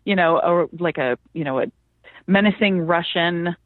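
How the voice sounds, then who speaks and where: A woman's voice: fairly low pitch, normal speed, no echo. A woman author as a podcast guest, speaking thoughtfully with hesitations and easy laughter. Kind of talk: casual interview chat. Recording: phone-like remote line.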